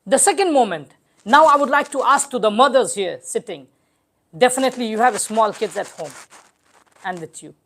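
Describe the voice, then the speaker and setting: A man giving an emotional mourning sermon, moving from hushed, drawn-out phrases to raised, shouted lines. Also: very high-pitched, expressive. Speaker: religious lecturer.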